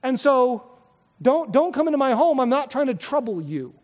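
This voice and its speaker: A man's voice: extremely high pitch, sing-song, normal speed, darkish tone, long reverb tail. A man preaching a sermon as pastor, earnest and conversational, often restarting his sentences.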